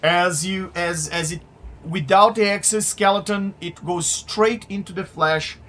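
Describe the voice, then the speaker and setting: A man running a live tabletop game as game master, with a measured delivery and "very well" as his recurring cue. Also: high-pitched, fairly bright tone.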